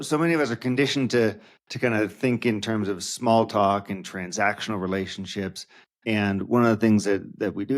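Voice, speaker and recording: Man, podcast host, low voice, reflective, affirming interviewer.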